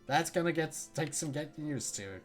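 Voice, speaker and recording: A woman's voice: low-pitched, animated, moderate pace, soft background music. A woman casually commenting on a game as she plays, chatty and jokey and reacting aloud to what happens on screen. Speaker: let's play gamer.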